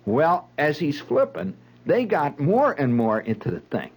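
Husky, animated male storyteller. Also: on the high side, a little slow, poor audio. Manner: dramatic, vivid, conversational retelling. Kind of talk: spoken storytelling monologue.

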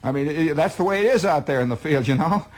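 A man's voice: a little high, expressive, fast talker, a little mellow. A man telling a spoken monologue in a wry, exaggerating manner. He stacks up details and often repeats words as he goes. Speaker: storyteller.

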